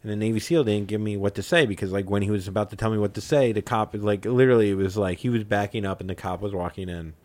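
A man in his forties with a lowish voice spins a long, rambling tale in a loose podcast chat. He swears freely and circles back on himself as he goes, unhurried and conversational. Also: a little mellow. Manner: loose, profane, rambling storytelling.

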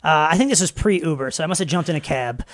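A man, a comedian guest telling stories in a casual interview, animated and laughing often. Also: on the high side, fast talker. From Long Island, New York. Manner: animated storytelling, laughs often, many fillers and restarts. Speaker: podcast guest, stand-up comedian.

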